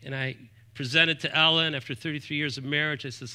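Bright-voiced emphatic male pastor preaching. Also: on the high side, fairly even intonation, fast talker, clear, resonant tone. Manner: emphatic preacher, rising and dropping to soft asides; often quotes scripture references aloud. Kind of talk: sermon.

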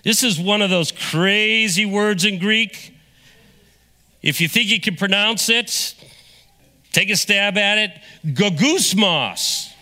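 A man preaching a sermon as pastor, energetic and drawing the congregation into call-and-response. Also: high-pitched, slow, long pauses. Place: church sanctuary. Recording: long reverb of a large hall.

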